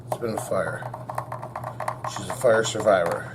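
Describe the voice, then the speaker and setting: A man's voice: lowish voice, unhurried, very noisy. Easygoing folksy man in a workshop. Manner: folksy, easygoing, talks to himself and viewers as he works. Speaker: guitar repair shop owner. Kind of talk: casual workshop narration while working. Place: guitar repair workshop.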